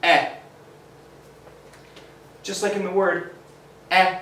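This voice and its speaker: A man teaches phonics to young children, carefully sounding out each letter and praising the class. He speaks slowly in a slightly high voice. The recording is roomy and echoey, with the mic set some distance away. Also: level tone, a bit bright, slight background noise. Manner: slow, sounds out letters, encouraging.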